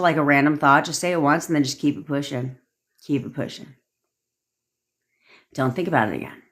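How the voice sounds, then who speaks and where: With a low voice, a woman who works as a manifestation coach launches into a story during an offhand live-stream rant, cursing without restraint and hammering her points through repetition.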